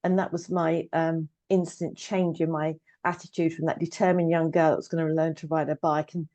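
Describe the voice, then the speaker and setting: Candid and with touches of dry humour, a female trauma coach and therapist in her fifties recounts her life story as a guest in a casual conversation. She speaks in a low, dark voice, and there's no room sound.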